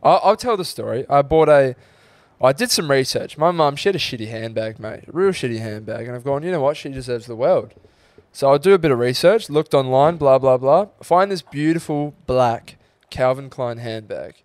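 A man's voice: mid-range voice, animated, normal speed, no echo. A young Australian man co-hosting a podcast, chatting casually and swearing freely as he tells stories and quotes people. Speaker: podcast co-host. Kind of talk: casual chat.

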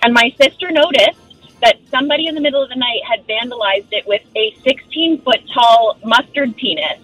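A young woman calling in to a radio show, telling her story in a matter-of-fact way. Her voice is husky yet bright and sits fairly high, and the sound is dry. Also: brisk, no room sound, soft background music, rough recording. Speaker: caller.

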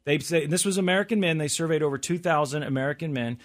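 A man's voice: fairly high pitch, fast talker. Man reading survey stats with wry asides. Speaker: podcast host. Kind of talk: casual chat.

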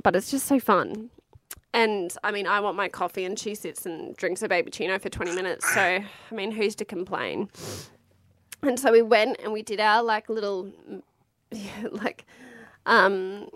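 An Australian woman in her thirties tells a personal story in a loose, candid way. She swears freely, laughs often and keeps things chatty. Her voice sits at an ordinary pitch and sounds close and dry. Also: fairly bright tone, no echo.

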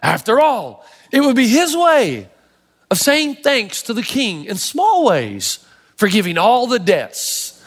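A male pastor preaching with animated, emphatic storytelling. His voice is notably high for a man. It carries a long reverb from a church hall. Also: slow pace, husky. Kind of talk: sermon.

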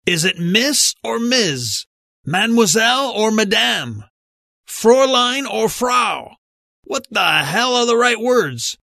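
A man's voice: high-pitched, sing-song, slow pace, vocal fry, sharp tone, no room sound, clean studio sound, pitched above the performer's own voice, full character voice. A man doing a blustering, exasperated old grandfather.

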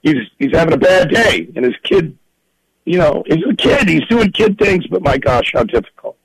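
A film director being interviewed, telling stories in a lively, animated way and laughing often. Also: male voice, on the high side, normal speed, creaky, breathy edge, dry recording, poor audio. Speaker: film director and writer, guest. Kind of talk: storytelling in a podcast interview.

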